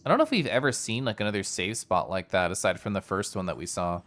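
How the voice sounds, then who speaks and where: Lively, playful game streamer. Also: sits low, fast talker. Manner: chatty and playful, joking with chat. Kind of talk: live gameplay commentary.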